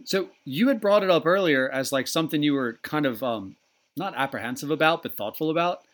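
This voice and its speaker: Male podcast host, a bit higher pitch, profane joking banter. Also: lively intonation, a little fast, a bit bright. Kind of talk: casual podcast chat.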